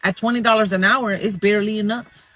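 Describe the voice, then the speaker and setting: A man's voice: sits high, steady tone, a little fast, pushed and bright, no echo, faint music behind, low-quality recording. A man explaining wages to camera, working through the numbers step by step. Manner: walks through figures step by step. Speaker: commentator.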